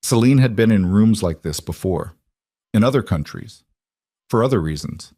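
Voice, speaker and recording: A man narrating a dark crime story in a steady, grave, scripted manner. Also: lowish voice, moderate pace, slightly rough, no room sound, clean studio sound.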